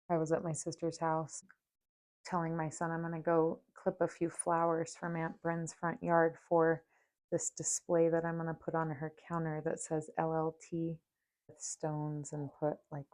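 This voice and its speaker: A woman hosting a spiritual podcast, talking softly and dreamily and at times guiding a meditation, sometimes dropping to near-whispers. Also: low-pitched. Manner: soft, slow and dreamy, drifting into near-whispers. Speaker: podcast host.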